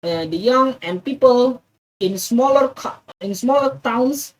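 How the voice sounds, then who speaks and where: A woman's voice: on the high side, lively intonation, distant mic, poor audio. A woman with an Indonesian accent reading an English text aloud for practice, stumbling and restarting often. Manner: halting, many restarts and stumbles on words.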